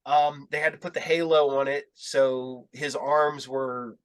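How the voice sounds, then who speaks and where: A man's voice: medium pitch, steady tone, unhurried. A man hosting a podcast, chatting casually, telling a rambling story in which he acts out quotes and swears now and then. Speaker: podcast host. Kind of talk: casual chat.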